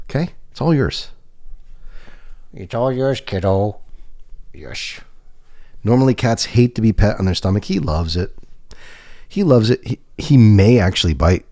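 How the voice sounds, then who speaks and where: A man's voice: lowish voice, a little mellow, no echo, clean studio sound. A man livestreaming from his home desk into a desk microphone, chatting playfully and fondly to his cat. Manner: playful, fond, teasing the cat. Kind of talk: casual chat to his cat.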